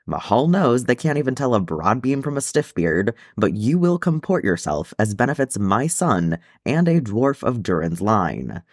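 A man voicing a gruff old dwarf father who fusses fiercely over his son. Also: mid-range voice, big pitch swings, normal speed, hardly any pauses, no room sound, clean studio sound. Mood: fussing.

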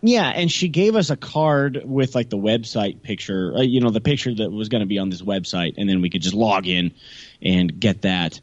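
A man's voice: lowish voice, moderate pace, lo-fi sound. A man co-hosting a podcast, telling a story casually with lots of fillers and restarts. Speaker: podcast co-host. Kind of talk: casual chat.

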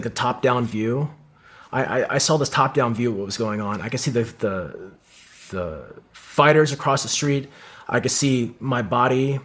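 A man sits in as a guest and tells his own combat story in casual talk. He swears often and keeps the telling vivid and animated. His voice sits at an ordinary middle pitch. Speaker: podcast guest, combat veteran.

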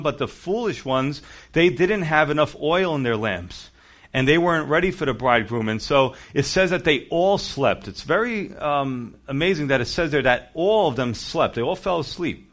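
A pastor with a somewhat high, slightly bright voice preaches conversationally, performing the voices he quotes along the way.

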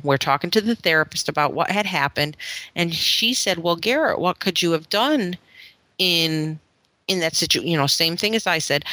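A woman's voice: fairly low pitch, sharp tone, no room sound. A middle-aged woman from Florida, co-hosting a podcast and telling a long family story in a rambling, casual way. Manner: rambling storytelling, acts out quoted voices. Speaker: podcast co-host. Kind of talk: casual chat.

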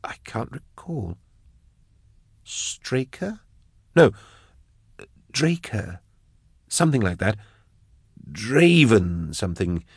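A man's voice: on the low side, very animated, slow, pauses often, husky, no room sound, clean studio sound, voice pushed up, full character voice. A man voicing a shaken older male scholar who hesitates and gropes for words. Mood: uneasy.

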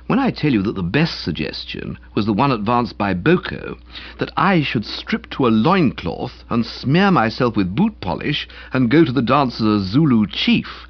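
Animated audiobook narrator, male, husky, very lively pitch, dry close mic. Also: dry recording. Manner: wide-ranging, animated storytelling delivery. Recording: slightly dull lo-fi recording.

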